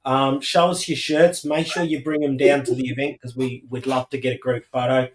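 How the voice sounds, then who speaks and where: A man chatting on a livestream, easygoing and a bit halting as he feels his way through with fillers. His voice comes through with a roomy echo. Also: medium pitch, level tone, a little hiss or hum. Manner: laid-back, halting with fillers. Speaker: livestream co-host. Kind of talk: casual chat.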